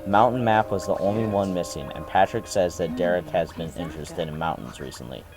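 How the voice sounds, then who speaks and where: A man's voice: low-pitched, brisk, over music. A man giving casual let's play commentary, reading game text aloud with dry, sarcastic asides.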